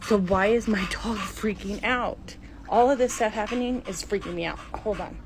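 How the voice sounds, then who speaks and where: A woman's voice: mid-range voice, moderate pace. A middle-aged woman filming inside her house on a handheld phone, talking in a frightened, breathless way that often drops to a whisper. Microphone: phone held while walking. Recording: phone video with clear background noise.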